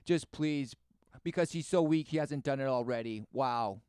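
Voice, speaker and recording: A man's voice: mid-range voice, moderate pace, a little mellow, clear, resonant tone, dry recording, studio quality. A man giving rambling, preachy religious commentary, repeating words and firing rhetorical questions with sarcasm. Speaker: commentator reacting to a video.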